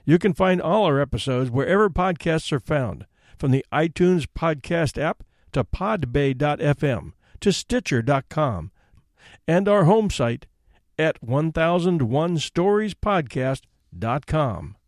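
A man hosting a story podcast, reading a classic tale aloud with expressive narration. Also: fairly high pitch, unhurried, no room sound, studio quality.

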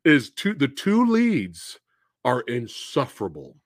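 A male podcast host talking casually about films. His pitch moves a lot in an animated way, and he vents frustration with blunt profanity. The sound is dry and close, with no room echo. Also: slow pace. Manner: animated, exasperated ranting with profanity. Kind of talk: casual movie chat.

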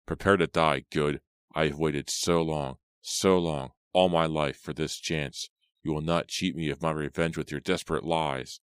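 A man's voice: a bass voice, steady tone, clear, resonant tone, dry recording, clean studio sound. Man doing a cold vengeful father. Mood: menacing. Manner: slow, cold and menacing. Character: grim vengeful father with a rifle.

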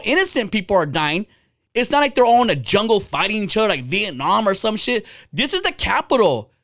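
A man's voice: very high-pitched, fairly bright tone. Profane, heated man in his forties. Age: 40s. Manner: blunt, profane, heated ranting. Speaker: podcast host. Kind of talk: casual ranting podcast talk.

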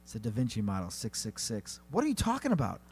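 A man co-hosting a comedy podcast, narrating a silly battle with lively delivery and sudden high-pitched character voices. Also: quick pace, slight background noise. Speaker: podcast co-host. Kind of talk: comedic storytelling banter.

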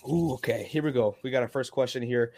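Animated man hyping his picks. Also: mid-range voice, quick pace, vocal fry. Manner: animated, emphatic, chatty. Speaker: podcast co-host. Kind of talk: casual fantasy football chat.

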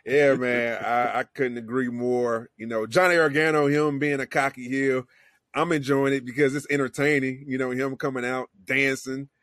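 A man's voice: mid-range voice, little pitch movement, normal speed, a bit bright, no room sound, studio quality. A man co-hosting a casual chat, laid-back and slangy, laughing along. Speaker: wrestling podcast co-host.

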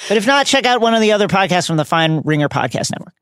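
A man's voice: sits high, racing, smooth, no echo, studio quality. A man co-hosting a podcast in casual banter, joking and laughing often. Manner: jokey, animated, laughs often. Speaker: podcast co-host.

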